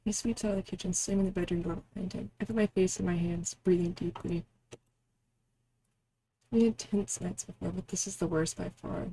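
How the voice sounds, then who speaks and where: Gravelly woman streaming a story game. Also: on the low side, fairly even intonation, a little fast, dark tone, a little hiss or hum. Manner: blunt, swearing, wry. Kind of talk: casual game streaming and narration.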